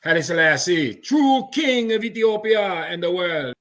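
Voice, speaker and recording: Man doing a high swoopy rasta preacher voice, all reverent and proclaiming. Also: very animated, normal speed, fairly bright tone.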